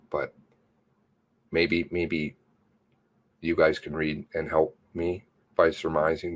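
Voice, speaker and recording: A man hosting his own channel, reading out a news release in a furious, swearing rant that swings from shouts to hushed mutters. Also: very deep voice. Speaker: channel host.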